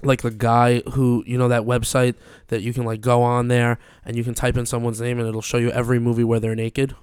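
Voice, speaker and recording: A man's voice: mid-range voice, completely flat delivery, brisk, darkish tone, smooth, no room sound, clean studio sound. A young man chatting casually as a podcast host, rambling and swearing with lots of fillers. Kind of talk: casual chat.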